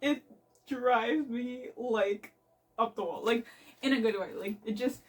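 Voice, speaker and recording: A young woman chats about her reading from a bed nook, recorded on a phone set back from her. She speaks slowly, with plenty of fillers, and her voice sits a little high. She keeps gushing with excitement. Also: slight background noise. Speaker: book vlogger. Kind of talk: casual reading vlog chat. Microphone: phone camera. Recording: voice from a distance.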